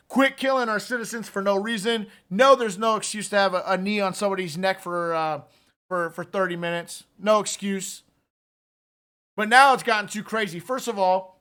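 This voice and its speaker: A man with a high, bright, forceful voice rants through political commentary. He sounds fired up and talks casually, straight to his listeners, like he's calling out to a buddy. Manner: fired-up, ranting delivery; conversational, addresses listeners directly with "man".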